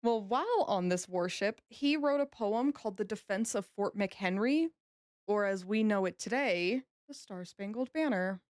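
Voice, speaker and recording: A woman's voice: medium pitch, lively intonation, normal speed, a little mellow, no echo, clean studio sound. A woman co-hosting a podcast, telling history in a chatty, easygoing way and laughing easily. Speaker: podcast co-host. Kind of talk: casual history podcast chat.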